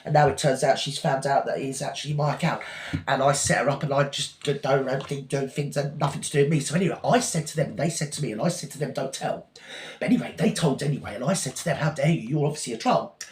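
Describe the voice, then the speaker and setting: A man's voice: a little high, expressive, fast, echoey room, natural voice. A man playing a self-pitying, rambling gossip and scammer who insists he is always the victim, in a satirical monologue. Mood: whiny rambling. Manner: rambling, breathless, circular storytelling. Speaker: parody performer.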